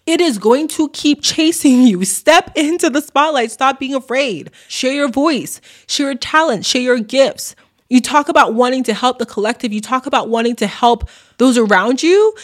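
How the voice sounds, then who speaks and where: A woman hosting an astrology channel, giving a motivational talk to camera in a playful, animated way, calling viewers baby and dropping slangy asides. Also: high-pitched, moderate pace.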